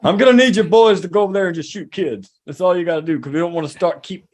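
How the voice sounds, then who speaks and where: A man's voice: high voice, quick pace. A man voicing a blunt politician barking crude orders. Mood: commanding.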